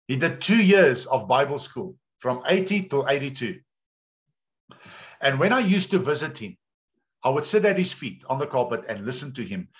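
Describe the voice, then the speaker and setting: A male pastor preaching a sermon, telling stories in a chatty way and often repeating words. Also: medium pitch. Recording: dull lo-fi sound.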